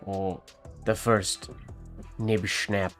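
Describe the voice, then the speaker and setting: A man's voice: lowish voice, very slow, soft background music. A man streaming a calligraphy session, talking casually as he thinks aloud over his work and then reading a holiday poem aloud. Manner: relaxed, thinking aloud while writing.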